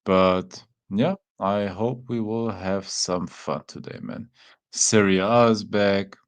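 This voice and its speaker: A man's voice: fairly low pitch, takes it slowly. A man with a German accent, a native German speaker, hosting a casual live watchalong and chatting to viewers with easygoing fillers. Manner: relaxed, chatty, talks to chat with fillers like "man". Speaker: watchalong host. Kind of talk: casual live-stream chat.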